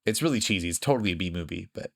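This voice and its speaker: A man with a fairly low voice talks in loose, casual podcast chat. He rambles, fills gaps with plenty of ums and likes, and laughs often as he goes. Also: animated, very fast, creaky, a bit bright. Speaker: podcast co-host.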